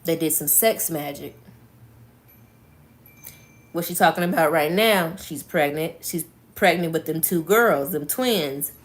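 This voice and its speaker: A woman's voice: deep voice, unhurried, long pauses. A woman reading a book aloud on a live stream, breaking off for blunt, profane, emphatic asides.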